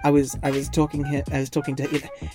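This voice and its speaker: A woman's voice: deep voice, flat delivery, fast talker, warm tone, soft background music. A woman in her twenties from Indiana, co-hosting a casual chat, rambling and laughing often. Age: 20s. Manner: chatty, rambling, laughs often, does silly voices. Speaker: podcast co-host.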